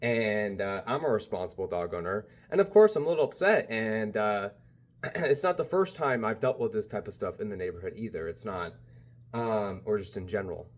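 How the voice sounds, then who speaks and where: A man with a fairly low voice talks straight to camera in a loose, rambling vlog monologue. He keeps circling back with "you know" and "like" and sounds like he is chatting with a friend. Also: normal speed. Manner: rambling, many fillers like "you know" and "bro". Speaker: spiritual vlogger.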